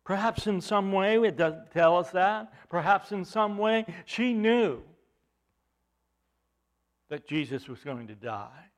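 A man preaching a sermon to his congregation, pressing his points with rising emphasis and repeated words. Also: high-pitched.

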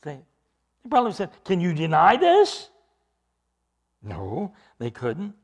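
A man's voice: sits high, huge pitch swings, slow pace. A man preaching an expository sermon, reading scripture aloud and explaining it with emphatic stresses and rhetorical questions. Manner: emphatic, rising to loud stresses on key words.

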